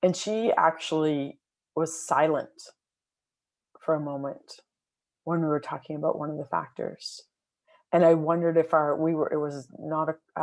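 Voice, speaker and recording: A woman's voice: deep voice, a little mellow. A woman coach and podcast host telling a client story in an earnest, reflective way, with many fillers and restarts.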